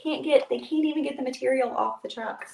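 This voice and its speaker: A woman's voice: sits high, fairly quick, gravelly, darkish tone. A woman hosting a live craft stream from home, chatting and telling a rambling story with lots of fillers. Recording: echoey room with faint noise.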